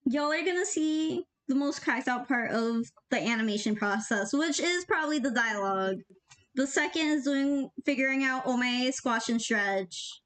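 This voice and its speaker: High-voiced young woman rambling casually. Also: expressive, moderate pace, fairly bright tone. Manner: rambling, jokey, gives offhand tips. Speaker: animator. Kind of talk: casual commentary while working.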